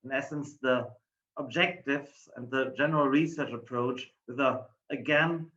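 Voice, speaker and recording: A man's voice: medium pitch, fairly even intonation, unhurried, bright, forceful tone. A man with a strong German accent opens a conference talk in a formal, courteous way. His mid-range voice sits in a roomy space, and the online audio is dull and muffled. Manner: apologetic, formal and polite. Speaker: professor and lead researcher presenting. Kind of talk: conference presentation.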